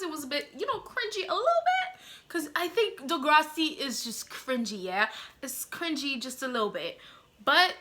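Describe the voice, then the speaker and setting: Sassy, bright-voiced young woman ranting. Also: high voice. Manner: sassy, blunt and exaggerated, addresses viewers as y'all; lots of slang and fillers like "like" and "you know". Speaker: vlogger reviewing a TV show. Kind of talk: casual opinionated commentary to camera.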